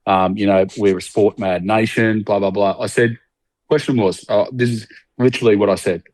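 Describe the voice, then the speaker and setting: Halting, low-voiced Australian man. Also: fairly even intonation, darkish tone, no echo. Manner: halting, many ums and restarts. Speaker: podcast guest. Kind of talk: casual podcast interview.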